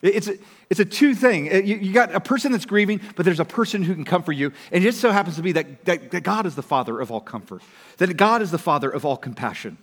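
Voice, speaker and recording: A man preaches a sermon in a casual, conversational way, his voice sitting a little high for a man. He rises to loud emphasis and then drops to near-whispered lines. A long reverb hangs around him as in a large hall. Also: expressive, quick pace. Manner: conversational, swings from loud to hushed. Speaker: pastor.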